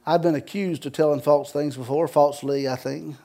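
A man's voice: on the high side, fairly even intonation, brisk, gravelly, mellow. A man from the Carolinas with a Southern accent, preaching a sermon as pastor in a folksy, joking storytelling way.

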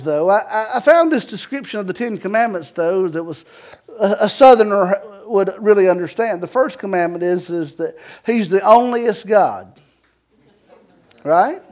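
A Southern-accented man from the Carolinas delivers a sermon from the pulpit. His voice sits a little on the high side, and he mixes scripture with folksy jokes and homespun turns of phrase. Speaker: pastor.

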